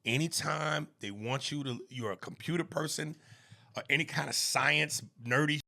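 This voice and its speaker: A man co-hosting a comedy podcast in casual chat, animated and prone to slipping into quick jokey impressions. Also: a little high, vocal fry.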